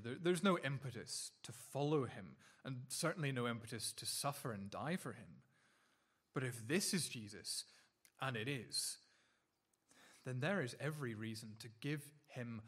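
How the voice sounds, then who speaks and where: Man, sermon, earnest preacher, mid-range voice, halting restarts, drawn-out key phrases. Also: medium pitch, a bit bright. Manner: earnest, with many repeated words and restarts.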